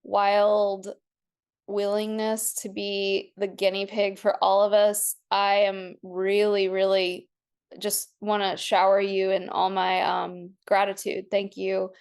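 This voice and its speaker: A woman's voice: medium pitch, monotone, takes it slowly, clear, resonant tone. A woman hosting a podcast, chatting casually and effusively with her guest. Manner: effusive, warm-hearted, giggly. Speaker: podcast host. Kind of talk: casual chat.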